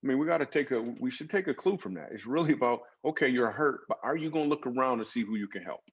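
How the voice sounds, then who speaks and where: A man's voice: medium pitch, animated, quick pace, husky, muffled recording. A man guest on a podcast, a comedian and author, telling personal stories in an earnest, dramatic way with emphatic swings. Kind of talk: storytelling interview.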